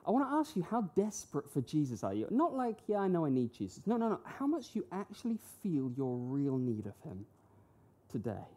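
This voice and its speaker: A woman delivers a sermon in a warm, mellow, fairly low voice. Her pitch rises and falls with animated emphasis as she fires off rhetorical questions and acts out short quotes. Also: normal speed. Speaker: preacher.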